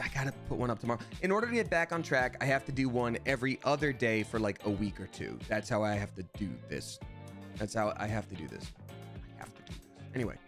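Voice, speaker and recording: A man's voice: medium pitch, a bit bright. A man streaming live, chatting casually in a playful, rambling way and reading viewers' names aloud. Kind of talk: casual livestream chat.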